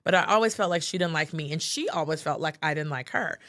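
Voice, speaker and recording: A woman's voice: sits low, fast, fairly bright tone, no echo, studio quality. A woman co-hosting a podcast, telling personal stories in a chatty, heartfelt way, full of "like" and "you know". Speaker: podcast co-host. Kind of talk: casual podcast chat.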